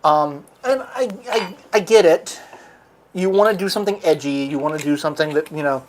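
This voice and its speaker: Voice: medium pitch, a little fast, a little hiss or hum. Rambling, profane livestream host. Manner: rambling, profane retelling of comic plots. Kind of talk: casual chat while streaming a game.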